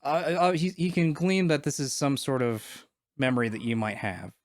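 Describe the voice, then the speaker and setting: A man's voice: medium pitch, lively intonation, moderate pace, no echo. Man as game master, mid voice, casual, dry sound. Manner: casual, many fillers and restarts. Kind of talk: narrating a tabletop game.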